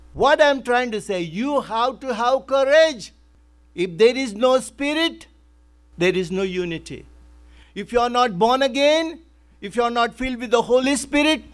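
A man's voice: very high voice, expressive, normal speed. A male pastor preaching a sermon in an emphatic way, repeating his key phrases.

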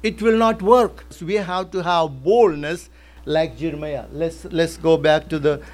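A man's voice: fairly high pitch, measured pace, darkish tone. A male pastor preaching a sermon in an emphatic way, repeating his key phrases.

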